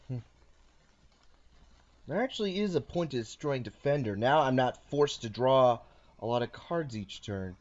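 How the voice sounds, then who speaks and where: A man's voice: mid-range voice, lively intonation, a little slow, pauses often, darkish tone, lo-fi sound. A man hosting a casual card game session, playfully narrating each of his moves. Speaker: host and card game player. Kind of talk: casual chat while playing a card game.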